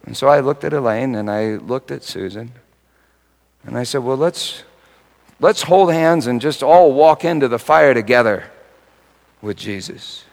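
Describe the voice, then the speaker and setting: Male pastor, sermon with personal story, mid pitch, swings from hushed to loud and emphatic. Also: measured pace, creaky, pauses often, poor audio.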